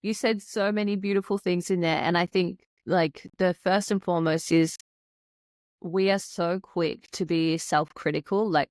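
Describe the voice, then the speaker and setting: A woman's voice: lowish voice, steady tone, moderate pace, dry recording, studio quality. A woman hosting a podcast as an anxiety coach, affirming her guest and thinking aloud as she speaks. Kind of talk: reflective interview chat.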